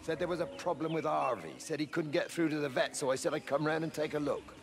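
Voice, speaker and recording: Villager, lost dog, matter-of-fact, gravelly, noisy distant audio. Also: male voice, a little high, steady tone, quick pace. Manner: plain, matter-of-fact retelling. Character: worried village man seeking a lost dog.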